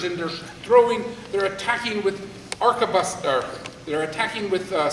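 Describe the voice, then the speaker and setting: Lively high-voiced male storyteller. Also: slight background noise. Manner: animated, with voiced characters and dramatic pauses. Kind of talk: oral folktale telling. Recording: echoey hall, voice from far off, faint ambience.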